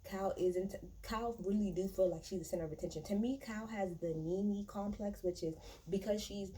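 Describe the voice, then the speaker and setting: A woman gives a blunt, profane recap of a reality TV episode, chatting casually with many fillers and restarts. Her medium-pitched voice is dark and moves at a normal speed, though the audio quality is poor.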